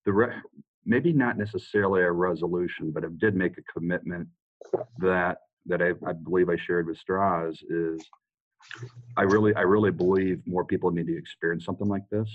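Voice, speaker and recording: A man's voice: low-pitched, fairly even intonation, moderate pace, dry recording. A man speaking as a guest in a candid, plain-spoken way, as if over a phone-like line. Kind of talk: conversational interview.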